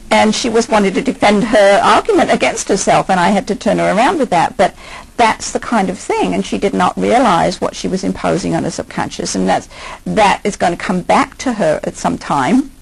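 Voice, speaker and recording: A woman's voice: medium pitch, a little fast, gravelly, breathy edge, poor audio. An older woman, a hypnotherapist, giving a conversational lecture and asking her listeners many questions.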